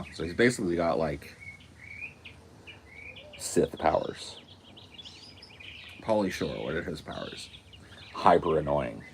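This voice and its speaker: A man's voice: rumbling low, a little mellow, a little hiss or hum. A man co-hosting a podcast, chatting casually in loose, joking, slangy banter. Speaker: podcast co-host. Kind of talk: casual chat.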